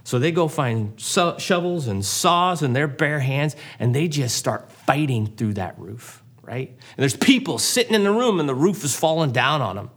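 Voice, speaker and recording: A man preaching a sermon with real animation, his voice rising and falling as he tells the story. He slips into quick asides and plays out characters' lines in short bursts, all in a casual, conversational way. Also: on the high side, lively intonation, a bit bright. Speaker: pastor.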